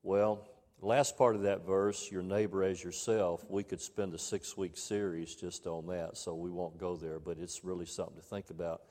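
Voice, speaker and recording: A man preaching a sermon to his congregation, reading scripture aloud and repeating key phrases for emphasis in a measured way. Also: low-pitched, flat delivery, mellow, in a large hall. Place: church sanctuary.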